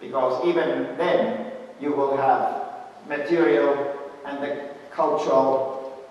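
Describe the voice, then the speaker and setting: A man giving an academic lecture, explaining ideas in measured, short phrases. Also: medium pitch, fairly even intonation, darkish tone. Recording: echoey hall, distant and muffled.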